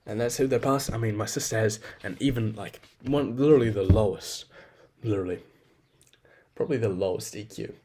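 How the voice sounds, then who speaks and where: A man's voice: fairly low pitch, a little fast, dark tone. A young man talking through a rambling, frank personal monologue, swearing freely and poking fun at himself. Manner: rambling, swears a lot, frank and self-deprecating.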